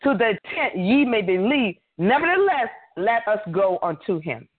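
A woman preaches with fervor, drawing out scripture lines and answering herself with hallelujahs. Her voice sits at a middle pitch. It comes through a thin, phone-like line. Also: big pitch swings, slightly rough. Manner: fervent preaching with drawn-out scripture reading and calls of hallelujah. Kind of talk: sermon.

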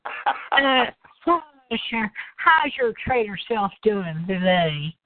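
A woman's voice: medium pitch, very animated, slow pace. A blunt, teasing woman in casual chat, her voice mid-range. The line is tinny like a phone, with a faint hiss behind.

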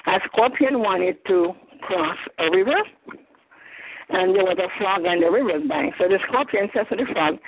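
A woman with a Jamaican accent teaching a Bible study, who often clears her throat and restarts her sentences. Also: mid-range voice, lively intonation, normal speed, a little hiss or hum. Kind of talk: teaching sermon, storytelling. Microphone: phone call. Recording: tinny phone line.

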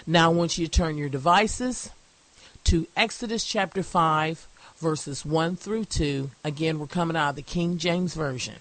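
A woman's voice: sits low, unhurried, a bit bright, dry recording. Emphatic woman pastor preaching. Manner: emphatic, stresses key words while reading aloud. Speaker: pastor and evangelist. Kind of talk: internet sermon with scripture reading.

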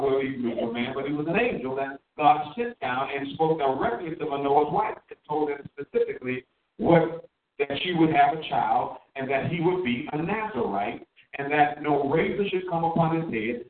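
A man's voice: on the high side, reverberant, distant mic, narrow, tinny audio. A man preaching a sermon, drawing out his key words and asking his listeners questions. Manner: emphatic, drawn-out stresses on key words.

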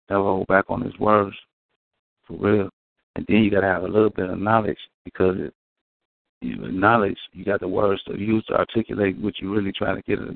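A man's voice: on the low side, creaky, no echo. A man talking in a casual podcast discussion, preachy and profane, acting out quotes in between. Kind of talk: casual street-talk discussion. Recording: dry, phone-like band.

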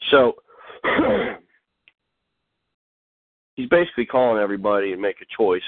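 A middle-aged man with a lowish voice hosts a call-in Bible lesson, still stuffed up from a cold and clearing his throat between halting phrases. His voice comes through a tinny phone line with a dry sound. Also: animated, no room sound. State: congested, getting over a cold. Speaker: host.

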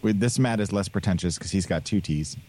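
A man's voice: low voice, a little fast, dark tone, slight background noise. A man hosting a podcast in casual chat, rambling with many restarts and laughs. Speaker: podcast host.

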